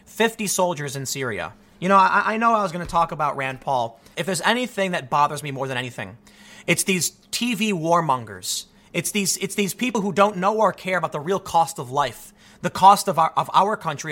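Fired-up, bright-voiced male commentator. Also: high-pitched. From United States. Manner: heated, exasperated ranting with rhetorical questions. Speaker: political commentary host. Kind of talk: opinion monologue.

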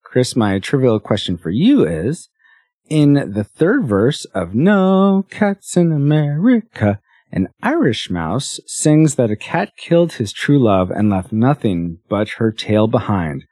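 A man's voice: mid-range voice, big pitch swings, slow pace, a little mellow, no echo, clean studio sound. A man hosting a podcast, chatting casually and laughing often. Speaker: podcast host.

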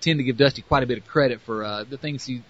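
A man's voice: medium pitch, fast talker, muffled recording. A man with a Southern US accent hosting a podcast, rambling casually with lots of fillers. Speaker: podcast host.

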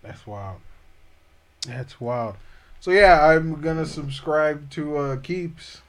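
A man co-hosting a podcast, trading loud, profane jokes with his friend. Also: on the high side, takes it slowly. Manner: loud, profane, joking banter. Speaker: podcast co-host. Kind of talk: casual chat.

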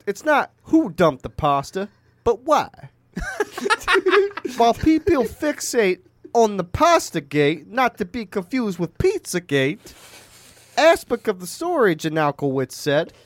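A man's voice: high voice, no room sound, voice pushed up. A man putting on an Italian-American mob boss accent to read a news story as a joke. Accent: put-on New Jersey Italian-American. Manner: gruff, profane, gestures with his hands. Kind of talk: comic impression reading a news story.

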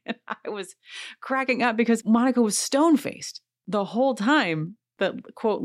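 A podcast host with a medium-pitched voice talks at a moderate pace in a dry, studio-quality recording. She gives a chatty, giggly recap of a reality show, throwing in playful asides as casual commentary.

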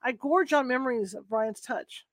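A woman's voice: fairly high pitch, moderate pace, no room sound. Woman reading a novel aloud, dry sound. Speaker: book reader. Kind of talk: first-person novel reading.

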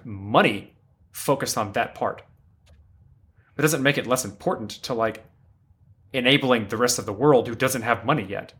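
A man's voice: medium pitch, fairly bright tone. A man co-hosting a podcast roundtable, arguing his point earnestly and often restarting his sentences. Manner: earnest and argumentative, frequent self-restarts. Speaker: podcast co-host. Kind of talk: roundtable debate.

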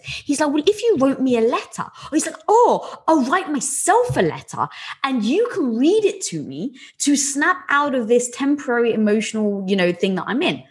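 A woman, a podcast guest, telling candid personal stories in an animated, swearing, often laughing way. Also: fairly high pitch, brisk, slightly rough. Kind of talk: candid conversational storytelling.

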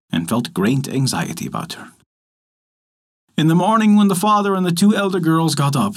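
Casting: male storyteller, husky, lively pitch, steady folk-tale narration. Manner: measured storybook delivery.

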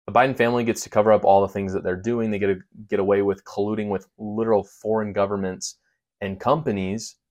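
A man delivers a heated political monologue in a fairly low voice, stressing his points with sarcasm and indignation. He talks straight to his viewers like a commentator building a case. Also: darkish tone. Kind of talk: opinion monologue.

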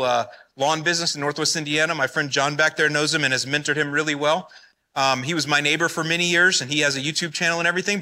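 A man's voice: fairly high pitch, bright, forceful tone. A man giving a live talk at a business conference, speaking in a blunt, folksy and fired-up way. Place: conference hall.

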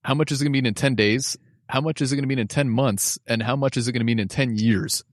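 A man's voice: medium pitch, fast talker, dry recording. Male co-host, easygoing and jokey, medium voice, dead-dry studio mic. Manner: laughs often, jokey, puts on mock voices. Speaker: podcast co-host. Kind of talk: casual sports chat.

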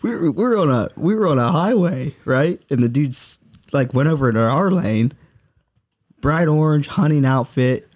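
A man's voice: fairly high pitch, animated, normal speed, darkish tone. A man in a casual podcast chat, chiming in with short, jokey remarks. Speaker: podcast guest.

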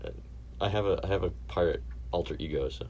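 A man's voice: deep voice, fast, dark tone, husky. A man hosting a podcast, talking in a laid-back, casual way and laughing easily. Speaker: podcast host. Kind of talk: casual chat.

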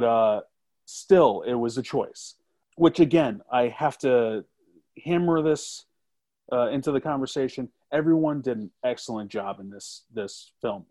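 A man's voice: mid-range voice, unhurried, warm tone. A man, a film critic guest, talking emphatically in a casual review chat. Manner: emphatic, with filler-heavy restarts.

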